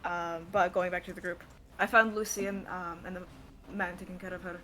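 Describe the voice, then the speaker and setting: A woman playing a tabletop game, chatting casually with quick asides. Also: fairly low pitch, flat delivery, sharp tone, slight background noise. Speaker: player. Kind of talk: tabletop role-play chat.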